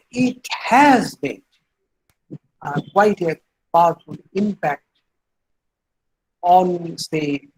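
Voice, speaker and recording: An older man giving an academic lecture, deliberate and halting, with frequent hesitations and restarts. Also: high voice, darkish tone, husky, rough recording. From India. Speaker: guest lecturer, professor of political science.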